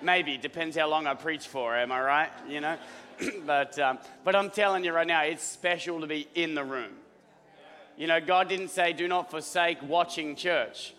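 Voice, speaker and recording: A man preaching as lead pastor, his voice rough and hoarse, rallying the congregation and clearing his throat often. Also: on the high side, normal speed, pushed and bright. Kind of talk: sermon. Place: church auditorium. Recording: hall reverb with faint music.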